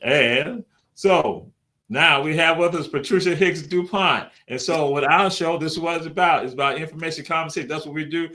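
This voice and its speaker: A man's voice: fairly high pitch, normal speed, sharp tone. A male host runs a casual live talk show. He is folksy and repeats his questions in a call-and-response rhythm.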